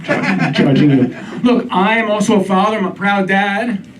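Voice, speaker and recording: High-pitched guy doing standup, wry deadpan asides, far mic, crowd laughing. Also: normal speed, noisy background. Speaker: stand-up comedian. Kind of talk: stand-up comedy set. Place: comedy club stage.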